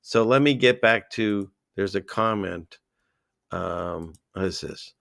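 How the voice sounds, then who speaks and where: A man hosting a livestream, chatting casually and excitably as he reads out viewer comments and drifts between topics. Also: lowish voice, takes it slowly, gravelly, no echo, studio quality. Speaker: livestream host.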